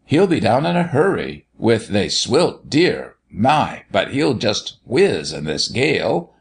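A man doing an excited boy. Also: medium pitch, slightly rough, full character voice. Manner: excited, hurried. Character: excited outport boy, eager and impatient. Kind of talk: audiobook character voice.

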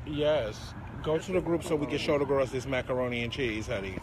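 A man's voice: mid-range voice, fairly quick. A man hosting a casual live stream outdoors on a city street and filmed on a handheld phone. He talks in a sassy, dramatic way, full of endearments and swearing. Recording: busy street crowd noise.

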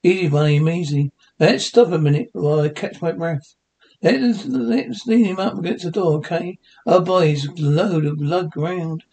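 A man's voice: fairly high pitch, normal speed, a little mellow, natural voice. A man voicing a chummy, meek cave neighbor in a cartoon voice recreation, friendly and easygoing. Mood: worried.

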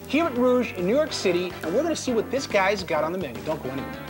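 A man's voice: high voice, sing-song, fast talker, loud music behind the voice. A man hosting a cooking show in a restaurant kitchen, upbeat and firing questions at his guest chef. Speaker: TV chef host.

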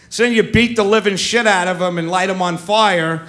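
A man's voice: high voice, expressive, moderate pace, hardly any pauses, fairly bright tone. A middle-aged man doing a stand-up comedy set on a club stage, brash and profane, baiting the crowd into a handheld mic.

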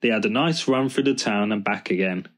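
A man reading a children's storybook aloud in a calm, measured narration. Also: fairly low pitch. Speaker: storybook reader.

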